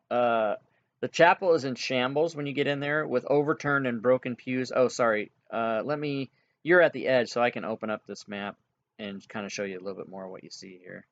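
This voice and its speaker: Guy dming a tabletop game, lots of ums, dull lo-fi sound. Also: mid-range voice. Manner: halting, filler-heavy, chuckles at players. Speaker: game master.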